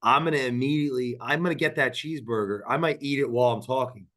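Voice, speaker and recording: Male podcast host, mid-pitched, energetic and jokey, rambles on in loose casual chat. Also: fast talker.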